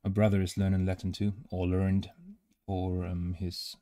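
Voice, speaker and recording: A man's voice: low voice, completely flat delivery, normal speed, mellow. A German man with a German accent, chatting casually and hesitantly while painting miniatures, with many filler sounds.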